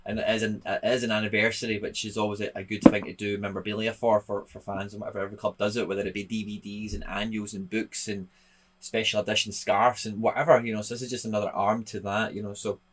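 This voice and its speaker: A man's voice: fairly low pitch, level tone, quick pace, fairly bright tone, a little hiss or hum. A man with a Scottish accent, chatting casually to viewers as a video host, rambling with lots of fillers and restarts. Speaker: YouTube host. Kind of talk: casual vlog talk.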